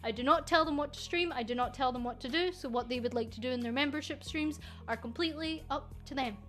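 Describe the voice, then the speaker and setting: A Scottish-accented woman who runs a VTuber agency answers viewer questions on a casual livestream, speaking frankly and jokingly with plenty of fillers and restarts. Her voice is high-pitched, quick and a bit bright, with soft music in the background.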